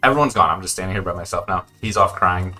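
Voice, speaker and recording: A man playing a tabletop game, speaking in a wry, deadpan way. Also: sits low, fast, soft background music. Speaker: player.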